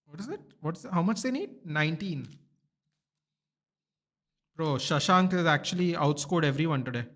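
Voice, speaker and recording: A man hosting a live cricket watchalong, reacting excitedly and shouting at big moments with slangy asides. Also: on the high side, normal speed. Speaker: watchalong host.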